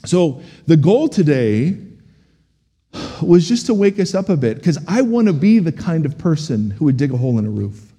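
Middle-aged male pastor, lively sermon voice, mellow tone, long reverb of a church hall. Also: a little high, normal speed, breathy edge. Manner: animated, humorous, asks the congregation questions.

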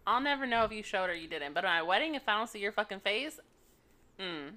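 A woman's voice: mid-range voice, expressive, quick pace, bright, forceful tone. A young woman on a casual podcast, teasing her friends bluntly and swearing. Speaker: podcast co-host. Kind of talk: casual chat.

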